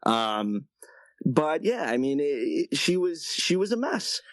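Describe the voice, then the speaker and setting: Caller, 20s man, rambling and halting story, dry close sound. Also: fairly high pitch, sing-song, no room sound. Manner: rambling, halting, with many restarts. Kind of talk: casual call-in storytelling.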